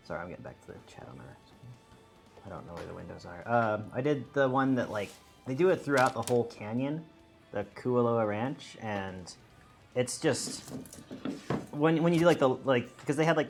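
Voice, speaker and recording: A man's voice: mid-range voice, moderate pace, faint music behind. A man co-hosting a stream, chatting casually and rambling with lots of fillers and restarts. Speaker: stream co-host. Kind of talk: casual chat on a charity stream.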